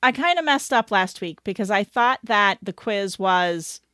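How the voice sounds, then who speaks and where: A woman co-hosting a podcast in casual, rambling chat, quick to laugh. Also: medium pitch, lively intonation, a bit bright, no room sound. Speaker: podcast co-host.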